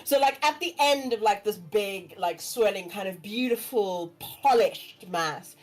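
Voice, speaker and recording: A woman narrating as dungeon master in a relaxed, chatty way, full of fillers and asides. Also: medium pitch, a little slow. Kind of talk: narrating a tabletop game.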